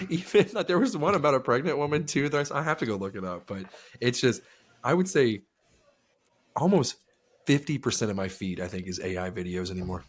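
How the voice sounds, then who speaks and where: A man in his thirties co-hosting a podcast, chatting casually in a rambling, profane way. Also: lowish voice. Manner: rambling, swears freely. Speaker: podcast co-host. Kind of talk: casual chat.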